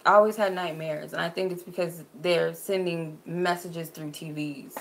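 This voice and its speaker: A woman's voice: on the low side, steady tone, normal speed, slight background noise. A woman from Arizona chatting casually on a livestream as a spiritual reader, answering viewers with frequent "like" fillers. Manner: chatty, many "like" fillers, laughs easily.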